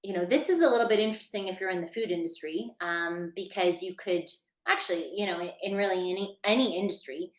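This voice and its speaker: A woman's voice: fairly low pitch, quick pace, echoey room. A woman teaching a business workshop in a casual, chatty lecture style, with lots of fillers, talking straight to her listeners. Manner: chatty, many fillers, addresses listeners directly. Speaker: workshop instructor.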